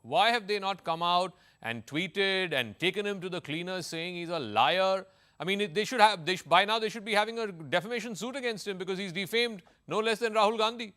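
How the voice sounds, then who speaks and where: A man's voice: high voice, lively intonation, bright, forceful tone. A man with an Indian accent anchoring a televised political debate, pressing his guests with pointed questions. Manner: pointed, rapid-fire questioning. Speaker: news anchor.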